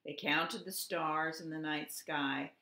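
Preschool teacher reading a storybook aloud, woman, unhurried, expressive, in an echoey room. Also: low-pitched.

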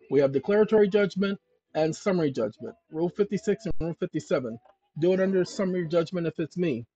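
A man's voice: on the high side, husky. Emphatic man explaining legal steps. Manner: emphatic, addresses viewers as ladies and gentlemen; thinks aloud while searching documents. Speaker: channel host. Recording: dull lo-fi dry recording.

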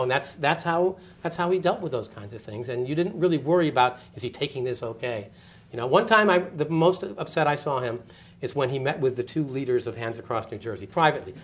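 An older man giving an oral history interview, telling stories with energy and acting out the people he quotes. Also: mid-range voice. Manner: animated storyteller, quick, acts out quoted voices with laughs. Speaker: interviewee, former communications director. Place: office interview setting.

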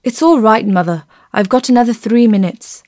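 A woman's voice: on the high side, moderate pace, darkish tone, dry recording, clean studio sound, natural voice. A woman reading the lines of a tired, stern father saying goodbye. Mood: gentle. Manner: stern, brief. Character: tired stern father seeing off his mother.

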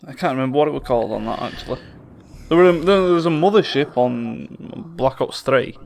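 A man's voice: mid-range voice, lively intonation, brisk, creaky, a little hiss or hum. A man playing along as co-player, chatting casually with laid-back, dry remarks. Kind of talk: casual banter while gaming. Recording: game gunfire loud under the voice.

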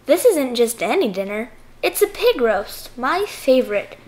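A woman voicing a hungry, greedy male fox who is gruff and impatient. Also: sits high, big pitch swings, unhurried, darkish tone. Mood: gloating.

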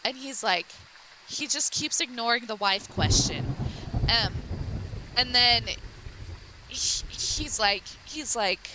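A woman's voice: on the high side, expressive, a little slow, sharp tone, a little hiss or hum, low-quality recording. A woman streamer casually retelling a game's story, rambling with lots of likes and restarts.

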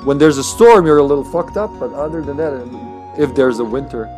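A man's voice: mid-range voice, animated, brisk, a little mellow, soft background music. A man streaming a video game, chatting casually and jokingly as he plays. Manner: playful, joking, reads in-game lines aloud. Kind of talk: casual gameplay commentary.

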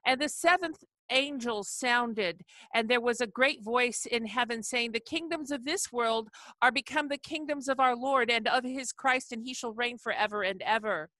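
A woman's voice: fairly high pitch, normal speed, pushed and bright, no echo. A woman reading her own poem aloud over a video call, chanting long rhythmic lists and rising into emphatic refrains. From not from the South. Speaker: poet. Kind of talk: poetry reading.

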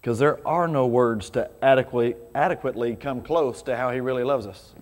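Man, pastor, casual sermon, mid pitch, echoing hall. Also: fairly quick. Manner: casual, conversational preaching with rhetorical questions. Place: church sanctuary. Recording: reverberant church hall.

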